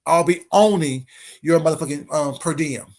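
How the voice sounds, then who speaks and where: A man's voice: a little high, normal speed, darkish tone. A man giving a brash, confrontational casual monologue as an online commentator.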